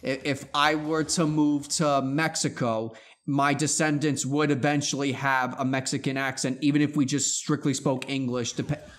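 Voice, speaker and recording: A young man co-hosting a gaming video, chatting casually and arguing his point in quick bursts. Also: mid-range voice, flat delivery. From New York area. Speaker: gaming channel co-host.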